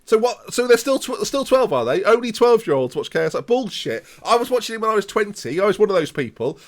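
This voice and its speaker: High and sing-song, this late-twenties male streamer talks fast while putting on a show of mock outrage mid-stream. He rambles, circling back to the same points over and over during the live game rant.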